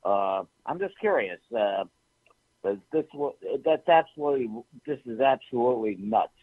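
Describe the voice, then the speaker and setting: A man's voice: mid-range voice, lively intonation, normal speed, no room sound. A man calling in to a radio show, hesitant and indignant, over a phone line. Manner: hesitant, indignant, many fillers. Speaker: caller. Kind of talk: live call-in.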